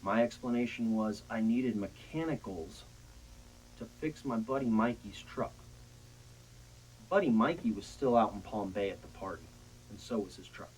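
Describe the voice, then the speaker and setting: Young guy, lowish voice, rambling swear-heavy storyteller, faint noise behind. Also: normal speed, poor audio. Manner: rambling, profane, animated retelling. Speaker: storyteller guest. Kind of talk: casual storytelling chat.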